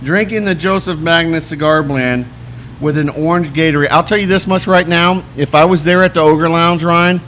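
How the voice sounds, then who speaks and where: Chatty man with a slightly high voice. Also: normal speed, a bit bright, slight background noise. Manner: chatty, jokey, detailed tasting notes. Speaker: podcast co-host. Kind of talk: casual chat.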